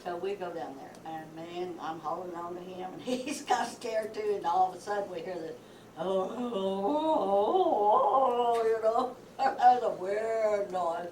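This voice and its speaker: An older woman from rural Texas, telling a family tale with lively delivery and acted-out sounds. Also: fairly low pitch, normal speed, few pauses, slight background noise. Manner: lively storyteller, acts out sounds and laughs through the telling. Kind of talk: casual family reminiscence. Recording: roomy, distant home-video sound.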